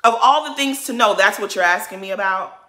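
A woman's voice: mid-range voice, a little fast, sharp tone, reverberant. A woman giving an opinionated recap of a reality show, indignant and emphatic with repetitive rhetorical build-ups.

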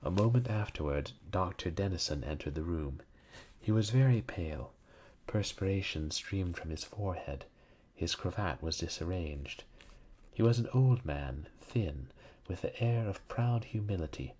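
Male reader, deep husky voice, slow solemn horror storytelling. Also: lively intonation, a little mellow. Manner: slow, solemn, dramatic reading, voicing characters lightly. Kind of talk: reading a horror story aloud.

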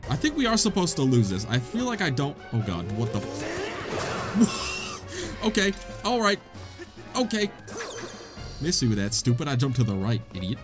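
A man giving excitable, self-mocking let's play commentary, laughing often at his own mistakes, with game music in the background. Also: medium pitch. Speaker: gamer, channel host.

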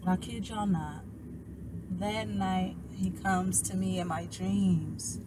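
A young woman, a tarot reader, casually telling viewers a personal story, animated and emotional, and calling them y'all. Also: medium pitch, slow, background noise.

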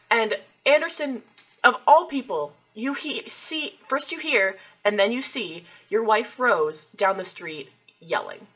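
Bright-voiced woman game master. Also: a little high. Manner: casual, with many ums and uhs. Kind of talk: narrating a tabletop game.

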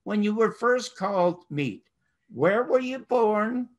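A man's voice: high-pitched, expressive, slow pace. An older man hosting a talk show, asking long, effusive questions with emphatic praise. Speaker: host.

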